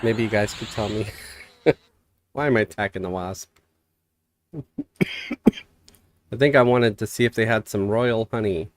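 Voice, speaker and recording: A man's voice: fairly low pitch, slow pace, long pauses. A man streaming a game live, chatting casually and reading viewer messages aloud, a bit stuffy from a cold. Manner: relaxed, rambling, reads chat aloud.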